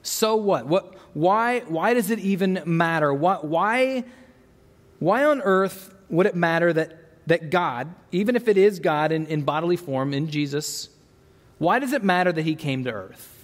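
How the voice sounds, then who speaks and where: High-voiced man preaching in a reverberant hall. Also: unhurried. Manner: earnest, asks rhetorical questions, stumbles into repeated words. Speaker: pastor. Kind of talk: sermon. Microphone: microphone.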